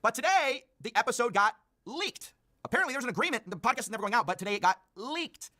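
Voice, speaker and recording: An online commentator recapping internet drama in a played video, sarcastic and quick. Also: medium pitch, animated, pushed and bright.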